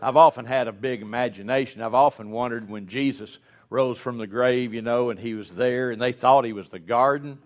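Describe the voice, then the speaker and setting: A man's voice: mid-range voice, fairly even intonation, brisk, hardly any pauses. A man in his sixties preaching a humorous, folksy storytelling sermon, rambling and restarting as he jokes.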